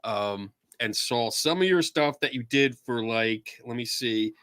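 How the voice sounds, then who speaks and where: Lively jokey host with a Philly accent. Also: mid-range voice, unhurried, no echo, studio quality. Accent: Philadelphia. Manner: jokey, self-deprecating, asks loose questions. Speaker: podcast host. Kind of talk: casual podcast chat.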